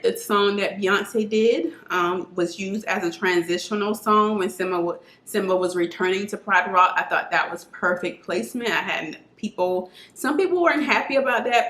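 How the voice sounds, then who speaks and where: At home, a woman reviews a movie on camera in a casual, earnest chat packed with filler words. Her mid-range voice is a bit bright and moves at a normal speed. The camera mic captures plenty of roomy echo.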